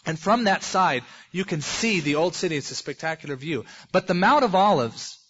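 A male pastor delivers an expository sermon, his voice sitting a bit higher than most men's. He keeps it chatty and acts out the quoted lines himself. The recording is muffled and lo-fi. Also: lively intonation, moderate pace, a bit bright, breathy edge. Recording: dull lo-fi recording.

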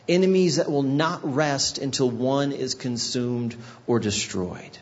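A middle-aged man preaches a sermon in a husky, slightly breathy voice at a medium pitch. He explains scripture and tells stories, acting out small scenes. The recording is dull and a little lo-fi. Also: measured pace. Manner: explanatory, storytelling with voiced asides. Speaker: guest pastor.

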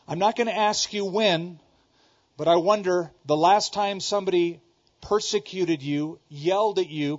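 A middle-aged male pastor from Southern California preaches emphatically, repeating key lines and swinging between loud exclamations and quiet asides. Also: on the high side. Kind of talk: sermon. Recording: dull lo-fi sermon recording.

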